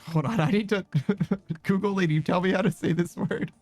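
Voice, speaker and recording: A man's voice: high-pitched, steady tone, moderate pace, a little mellow, faint music behind. A man chatting casually while streaming a game, rambling, swearing and laughing at himself. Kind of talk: casual chat while gaming.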